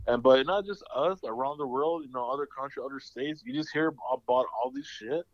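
A man's voice: mid-range voice, a little fast, no room sound. Swearing, rambling young man host. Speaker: podcast host. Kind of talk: casual chat. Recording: dull lo-fi sound.

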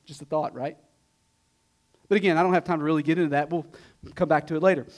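A man's voice: fairly high pitch, fairly even intonation, fast talker. A male pastor preaching a sermon in a conversational way, tossing out rhetorical questions and repeating key points for emphasis. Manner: emphatic repetition.

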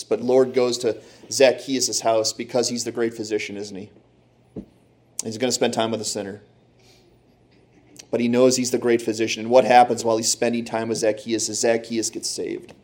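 A man's voice: mid-range voice, flat delivery, normal speed, darkish tone. Guy preaching, tells bible stories all dramatic, does the voices. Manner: dramatic storytelling, acts out Bible characters. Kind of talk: sermon.

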